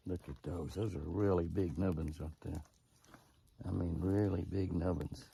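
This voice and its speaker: A man's voice: deep voice, steady tone, normal speed, creaky, mellow, breathy edge. A man narrating casually outdoors while feeding deer, folksy and coaxing them closer in a sing-song call. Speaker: ranch owner and show host.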